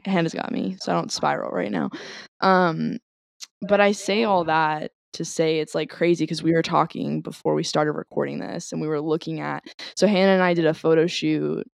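A woman's voice: sits low, fairly even intonation, moderate pace, gravelly, dry recording, clean studio sound. A woman co-hosting a podcast, talking emotionally in a rambling, casual chat. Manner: emotional, rambling, swears and laughs. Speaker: podcast co-host.

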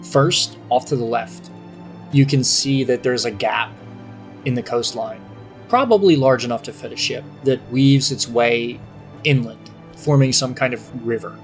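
A young man runs a tabletop game, telling the scene in an easygoing, unhurried way and pausing on fillers. His voice sits at an ordinary middle pitch. Soft music plays underneath. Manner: relaxed, hesitant with fillers. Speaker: game master.

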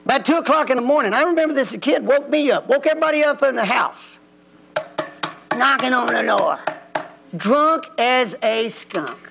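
A man's voice: very high voice, expressive, normal speed, gravelly, background noise. A man preaching a folksy, plain-spoken sermon in a church. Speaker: pastor. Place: church sanctuary.

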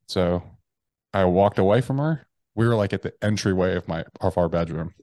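A man, a podcast guest, telling a personal story bluntly and profanely, with halting restarts. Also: low voice, dark tone, no room sound. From United States. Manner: blunt and profane, with slangy address.

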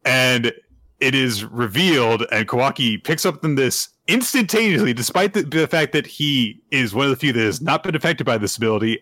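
A man's voice: mid-range voice, moderate pace, no room sound. A man on a casual podcast, retelling a manga chapter and acting out the characters' lines with lots of fillers. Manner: animated storytelling, acts out character quotes, many "uh"s. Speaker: podcast co-host recapping manga.

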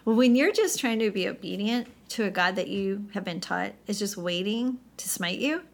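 A woman speaks as a podcast guest, her voice carrying a light gravelly edge at an ordinary pitch. She tells her story with lots of energy and acts out the voices she quotes. The talk is candid and heartfelt. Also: normal speed. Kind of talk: candid faith conversation.

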